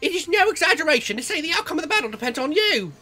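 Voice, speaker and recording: A man doing a shrill falsetto battle ally. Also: big pitch swings, very fast, sharp tone, faint music behind, full character voice. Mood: eager. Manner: high falsetto, read-out game dialogue.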